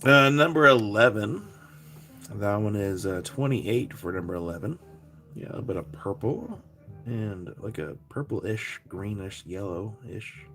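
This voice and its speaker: A man's voice: lowish voice, expressive, a little slow, sharp tone, soft background music. A man hosting a live rock sale stream, chatting casually and rambling, laughing often as he packs boxes and calls out numbers.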